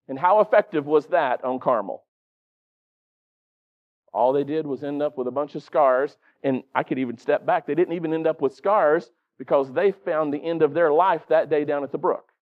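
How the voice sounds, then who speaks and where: A middle-aged male preacher with a notably high voice, talking a sermon through in an easy, conversational way. He keeps turning to the congregation with quick questions. The recording is dull and lo-fi.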